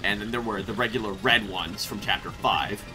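A man hosting a casual let's play, rambling and excitable, often breaking into laughter. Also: lowish voice, normal speed, soft background music. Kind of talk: casual gameplay commentary.

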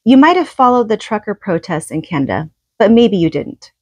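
A woman reading a nonfiction book aloud, steady and measured, with an occasional casual aside. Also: mid-range voice, no room sound. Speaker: audiobook reader.

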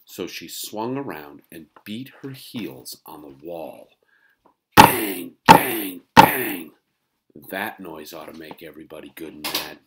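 A man reading a children's book aloud to listeners, expressive and playful with the sound effects. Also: extremely low pitch, unhurried, few pauses, noisy background. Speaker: storybook reader.

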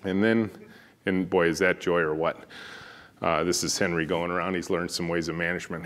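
A man with a deep booming voice delivering a conference keynote as a company founder, telling stories in an animated way. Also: normal speed. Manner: animated, storytelling, acts out dialogue. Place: conference stage.

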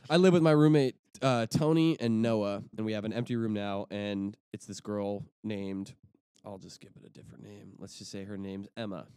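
A man's voice: on the low side, steady tone, normal speed, mellow, clear, resonant tone, no echo, studio quality. A young man in his twenties, co-hosting a podcast, rambling through a story with restarts and casual swearing. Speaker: podcast co-host.

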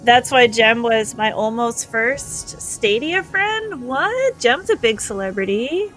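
Giggly woman streamer from Canada, bright voice, chatty, faint game music underneath. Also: on the high side, lively intonation, slow pace. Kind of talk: live gameplay chat, reading viewer comments.

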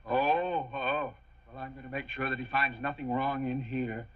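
An actor playing a pompous, blustering middle-aged bank president in a 1960s sitcom. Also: male voice, medium pitch, fairly even intonation, normal speed, lightly acted. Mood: fussy. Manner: blustering, stammering when cowed. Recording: dull 1960s TV soundtrack.

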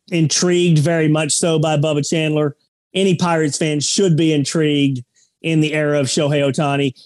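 A man's voice: on the high side, darkish tone, dry recording. A man co-hosting a sports podcast, talking bluntly and emphatically in a joking, casual way. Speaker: podcast co-host.

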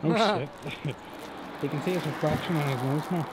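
A man's voice: fairly high pitch, normal speed. A young Irish man vlogging casually, joking and swearing a lot. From Ireland. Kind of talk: casual vlog chat. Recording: loud outdoor and traffic noise. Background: traffic noise.

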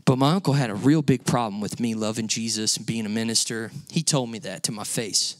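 A man's voice: fairly low pitch, brisk, dry recording. A male pastor preaching a sermon, telling a personal story in a conversational way and building to emphatic peaks. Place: church sanctuary.

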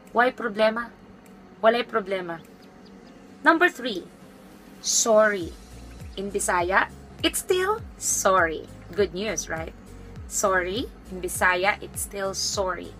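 Female language teacher; unhurried, deliberate delivery with lots of repetition; faint music underneath. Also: medium pitch, pushed and bright, poor audio. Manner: slow, careful, repeats each phrase. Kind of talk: online language lesson.

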